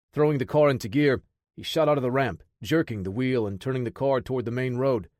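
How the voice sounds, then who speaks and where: A man narrating an action audiobook in a steady, measured voice. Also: medium pitch, no room sound, studio quality.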